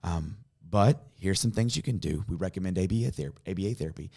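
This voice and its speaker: A pastor tells a personal story in an earnest, conversational way. His voice sits low, and it drops to a hush when the story turns tender. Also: fast talker, vocal fry, breathy edge. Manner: earnest storytelling, softening to a hush in emotional moments.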